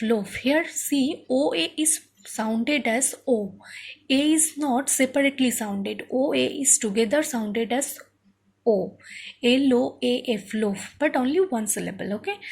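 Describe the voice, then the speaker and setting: Slow, husky woman teaching phonics. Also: a little high. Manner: slow, spells words letter by letter, frequent "okay?". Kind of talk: spelling and phonics lesson.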